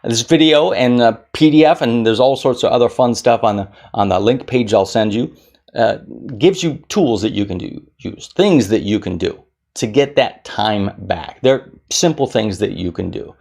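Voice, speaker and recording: A man who works as a keynote speaker and magician, giving an energetic motivational talk to camera and acting out moods in little put-on voices. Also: mid-range voice, moderate pace, creaky.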